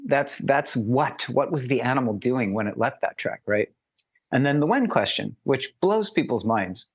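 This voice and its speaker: A man in a casual interview tells anecdotes with energy. He slips into quoted questions and exclamations, and his pitch jumps when he does. His everyday voice sits at a middle pitch. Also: moderate pace, husky. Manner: animated, acts out dialogue with lively pitch jumps. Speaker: interviewer and mentoring teacher.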